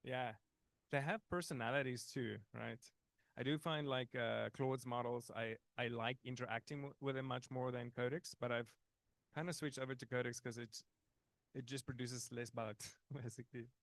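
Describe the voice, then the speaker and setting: A man's voice: mid-range voice, steady tone, moderate pace, gravelly, fairly bright tone, no echo. A man teaching a live conference workshop, talking in a casual, chatty way with fillers and restarts. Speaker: workshop instructor. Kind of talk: live technical workshop talk.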